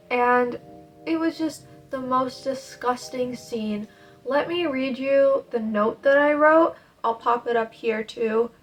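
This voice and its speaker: Animated young woman reviewing a book. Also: high voice. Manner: animated, slangy and emphatic. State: tired. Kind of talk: casual book review vlog. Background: faint background music.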